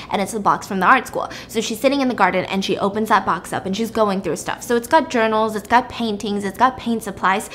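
A woman retelling a drama plot in a chatty, lively way with casual fillers. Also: mid-range voice, slight background noise. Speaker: drama recapper. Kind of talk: casual story recap.

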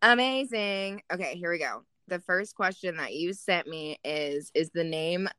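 Low-voiced young woman, casual podcast chat. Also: a little slow, smooth, dry recording, clean studio sound. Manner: swears a lot, animated storytelling. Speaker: podcast host.

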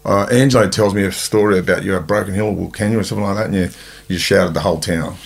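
Fast, gravelly, deep Australian man. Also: slight background noise. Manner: eager, rambling, frequent yeahs. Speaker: podcast host. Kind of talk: casual podcast chat.

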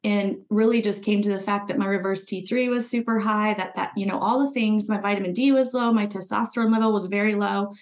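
A woman's voice: medium pitch, fairly even intonation, a little fast, hardly any pauses. A woman guest on a podcast, earnestly telling her own story in conversation and acting out what she thought back then. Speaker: podcast guest, former client. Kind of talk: personal story told in conversation.

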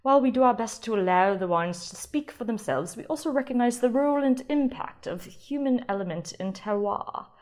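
A woman's voice: fairly high pitch, lively intonation, brisk, hardly any pauses, a little mellow, voice pushed up, lightly acted. A woman reading marketing text aloud in a playful, put-on British accent, lilting and theatrical. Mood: mock posh.

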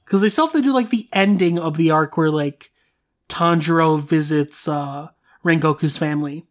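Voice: mid-range voice, normal speed. A podcast host talking casually and speculatively, with lots of fillers. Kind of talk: casual chat.

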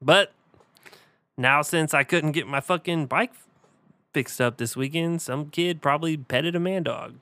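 A man co-hosting a comedy podcast, tossing out deadpan, absurd jokes. His voice is fairly high, with a gravelly fry and a bright, forceful edge. He is close on the mic in a dry room. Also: unhurried, no room sound. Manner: deadpan, absurd joking with a laugh. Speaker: podcast co-host. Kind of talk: casual comedy podcast chat.

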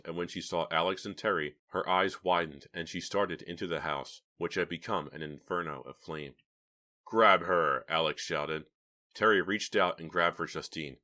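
A man narrating a horror novel as an audiobook reader, in steady, dramatic storytelling. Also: low-pitched. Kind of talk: scripted narration.

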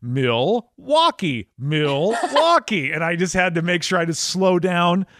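A man's voice: sits high, monotone, a little fast, a bit bright, no room sound, studio quality. Guy from wisconsin with a bit of that accent hosting a podcast, tells funny stories, laughs a lot. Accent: slight Wisconsin. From Wisconsin, USA. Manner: chatty storyteller, laughs often, acts out dialogue. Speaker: podcast host. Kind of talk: casual interview chat.

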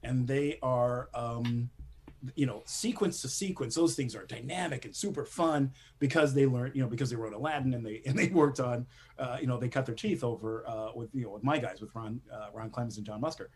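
Husky-voiced man rambling with fillers. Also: medium pitch, fairly quick, a little mellow. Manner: rambling, many fillers and restarts, laughs often. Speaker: animation screenwriter guest. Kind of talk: casual interview talk.

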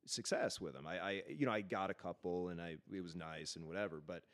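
A man's voice: low voice, a little fast. A man co-hosting a podcast, reminiscing in casual chat and often repeating words and restarting sentences. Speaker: podcast co-host, actor.

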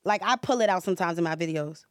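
A woman, a guest in a casual chat, laid-back and blunt and quick to laugh. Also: fairly low pitch, no echo, studio quality. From New York. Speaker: guest, social media personality.

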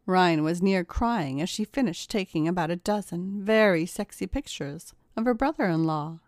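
A woman reading a story aloud in a steady, even narration. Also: on the low side, normal speed, few pauses, no room sound, studio quality. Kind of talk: scripted narration.

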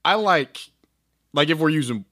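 A man co-hosting a casual album review chat, animated and slangy, acting out quotes in funny voices. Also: a little high, moderate pace. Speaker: podcast co-host.

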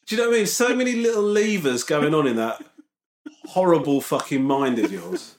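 A man's voice: on the high side, lively intonation, fairly quick, a little hiss or hum. A man in casual podcast banter, wryly teasing his co-host and picking apart his stories.

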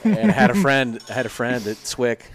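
A man's voice: medium pitch, normal speed, soft background music. A man in his thirties, a former soldier, casually telling stories and acting out the people he quotes, with some swearing. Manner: animated storyteller who acts out quoted voices, swears freely. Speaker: podcast guest, former Army Ranger and Green Beret. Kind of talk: casual storytelling chat.

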